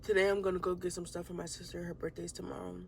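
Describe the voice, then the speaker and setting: A woman's voice: fairly low pitch, level tone, fast talker, creaky, slight background noise. A young woman vlogging casually to camera, slangy and rambling, tearful after crying for a long time. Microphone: phone camera.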